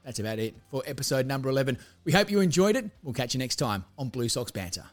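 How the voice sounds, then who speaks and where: Aussie bloke hosting a podcast, teasing his guests with slang questions, easygoing mid-pitched voice. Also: big pitch swings, fast, faint music behind. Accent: Australian. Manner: playful, teasing quizmaster. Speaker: podcast host. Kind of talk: casual quiz and podcast outro.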